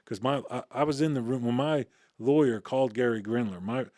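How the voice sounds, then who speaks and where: A man's voice: mid-range voice, brisk, darkish tone, no echo, studio quality. A middle-aged man telling a story in an interview, acting out the dialogue and cussing casually. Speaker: interview guest.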